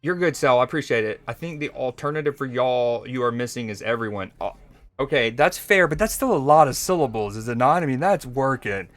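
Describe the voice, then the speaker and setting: A man's voice: mid-range voice, lively intonation, fairly quick, no echo, faint music behind. A man from Georgia, casually chatting with viewers and joking while he streams a card game. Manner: laid-back, joking, chatting with chat while playing. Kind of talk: casual live-stream chat.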